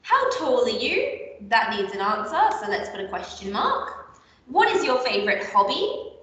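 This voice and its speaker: A woman teaching a recorded primary school literacy lesson, explaining clearly and patiently and slipping into playful example voices. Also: fairly high pitch, big pitch swings, normal speed, sharp tone, recorded from a distance. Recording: echoey room, voice a bit off-mic.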